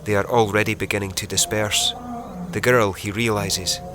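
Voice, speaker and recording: A man reading a novel aloud as narrator in a measured, vivid storytelling manner. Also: fairly low pitch, steady tone, noisy background. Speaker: audiobook narrator. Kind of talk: scripted narration.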